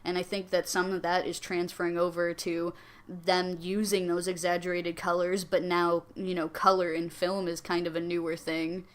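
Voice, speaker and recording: A woman guest on a podcast in casual chat, thoughtful and measured. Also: lowish voice, level tone.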